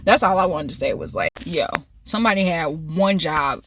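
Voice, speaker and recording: A woman's voice: deep voice, animated, normal speed, hardly any pauses, a bit bright, no room sound. A woman in her twenties telling a casual, rambling story from her car and laughing often. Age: 20s. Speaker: vlogger.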